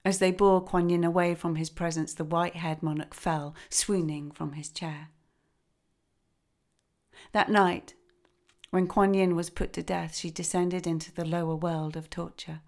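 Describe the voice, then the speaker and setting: A woman telling a traditional folk tale in a gentle, expressive reading. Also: on the low side, unhurried. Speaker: storyteller. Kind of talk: storytelling narration.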